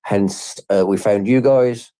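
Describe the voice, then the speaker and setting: A man's voice: fairly low pitch, slow, warm tone, no echo. A man on a group audio call explaining his team's game plans, with frequent fillers and restarts. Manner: hesitant, many fillers and restarts. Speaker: game project team member. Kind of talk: casual group audio chat.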